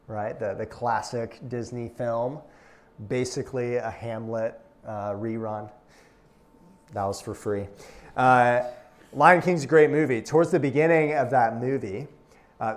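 A man's voice: on the low side, a little mellow. A young man, preaching a sermon to a room in a conversational, folksy way with asides.

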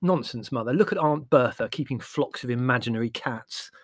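A man's voice: medium pitch, fairly quick, dry recording, studio quality, close to an everyday voice. A man voicing a sardonic, theatrical young writer who talks dramatically and sarcastically. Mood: exasperated.

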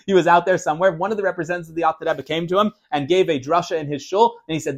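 A man teaching an informal class on Chassidus, telling stories in a quick, animated way many restarts. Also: fairly high pitch.

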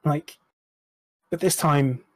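A young man with a fairly high voice speaks slowly as an interview guest in a candid personal conversation. He is frank and rambling, restarting often and dropping self-deprecating asides.

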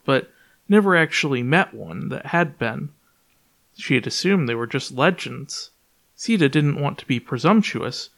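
A man reading his own story aloud as a podcast narrator in a clear, even storytelling manner. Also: mid-range voice. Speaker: author and podcast reader. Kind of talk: audiobook narration.

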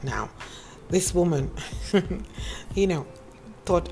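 A woman tells a cautionary story in a lively, lecturing way and speaks straight to her listeners. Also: lowish voice, moderate pace, a little hiss or hum. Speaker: advice speaker. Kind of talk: moralizing storytelling monologue.

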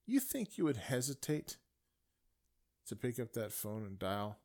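Man, angry political monologue, indignant, loud peaks then quiet asides, mid-pitched voice. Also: very animated, a little slow. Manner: indignant, swings from shouting to muttering. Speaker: political commentator. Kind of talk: ranting monologue.

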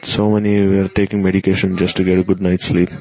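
Low flat-voiced guy preaching a sermon, gravelly, kinda muffled lo-fi recording. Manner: earnest, admonishing, with pauses and fillers. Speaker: spiritual teacher. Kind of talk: devotional sermon. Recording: dull lo-fi recording.

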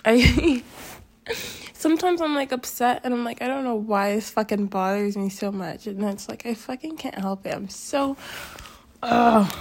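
A young woman vlogging at home, high and upset, rambling through a sweary confessional rant and laughing nervously between phrases. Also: a little fast, a little mellow. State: upset, near tears. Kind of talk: casual confessional vlog rant. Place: home, indoors.

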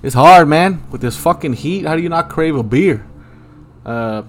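A man's voice: fairly high pitch, expressive, moderate pace. A young man hosting a solo podcast, rambling casually and swearing a lot in a laid-back way. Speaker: podcast host. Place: Los Angeles, at home.

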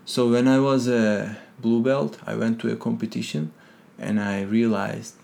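Animated man telling a fight story. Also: medium pitch, measured pace, vocal fry. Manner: animated, acts out quotes, non-native grammar. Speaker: guest, jiu-jitsu competitor. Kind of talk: casual storytelling interview.

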